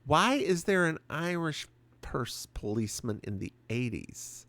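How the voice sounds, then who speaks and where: A man's voice: on the high side, sing-song, measured pace, a bit bright, dry recording. A man co-hosting a podcast, casually recapping a TV episode with chatty, playful asides. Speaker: podcast co-host.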